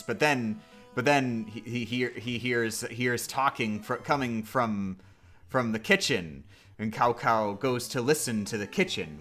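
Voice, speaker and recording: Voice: medium pitch, slow, fairly bright tone, faint music behind. A streamer telling a silly story in a meandering way, with lots of restarts and laughing along. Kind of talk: rambling comic storytelling.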